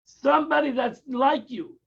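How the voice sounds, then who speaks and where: Guy teaching a torah class, kinda high gravelly voice, dull lo-fi live stream sound. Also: unhurried. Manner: explanatory, repeats and restarts phrases, mixes in Hebrew terms. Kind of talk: daily Tanya lesson.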